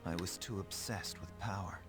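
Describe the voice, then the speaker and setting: A man playing a stubborn young fighter, a student grieving a fallen friend, speaks in a low voice with a rough, emotional edge. Game audio with music playing behind him. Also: moderate pace, natural voice. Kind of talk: game voice acting.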